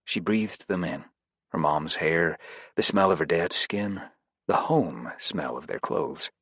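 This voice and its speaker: A man narrating an audiobook with an expressive, varied delivery. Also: low voice, slow, breathy edge, no room sound, clean studio sound.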